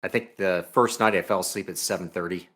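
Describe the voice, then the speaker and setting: A man's voice: deep voice, fairly even intonation, fairly quick, a bit bright. A man talking as a podcast guest in casual chat, easygoing with many fillers. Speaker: guest, reviewer.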